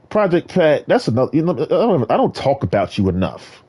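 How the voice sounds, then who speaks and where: A man talks on his own for the camera, wandering from one thought to the next. His voice is husky and a little high for a man. His pitch leaps all over the place, from low muttering asides to sudden high, excited cries. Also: brisk, hardly any pauses. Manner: animated, jumps between topics, bursts into high exclaims. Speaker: vlogger. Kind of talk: rambling solo monologue.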